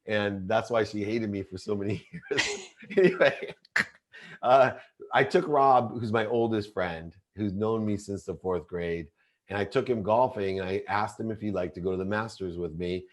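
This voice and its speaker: Earnest, low-voiced man telling his story. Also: moderate pace. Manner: earnest, intense, often restarts mid-sentence. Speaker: podcast guest. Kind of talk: confessional storytelling in an interview.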